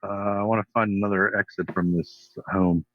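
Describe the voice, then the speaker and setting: A man's voice: fairly low pitch, steady tone, moderate pace, narrow, tinny audio. A man playing a tabletop game, making wry, self-deprecating remarks. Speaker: player.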